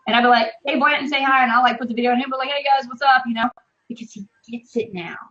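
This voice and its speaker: A woman's voice: fairly high pitch, fairly even intonation, very fast, a bit bright, highs cut off. A woman in her thirties, a guest on a casual live-stream interview, talking with passion and emphasis and swearing freely. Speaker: interview guest, online business marketer. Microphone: video call.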